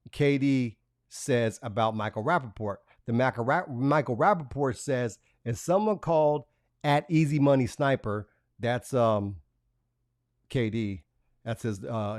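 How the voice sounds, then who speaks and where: A man's voice: mid-range voice, darkish tone, no room sound, clean studio sound. A man hosting a live stream, talking casually and reading messages aloud in a profane, mocking way, laughing between lines. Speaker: livestream host.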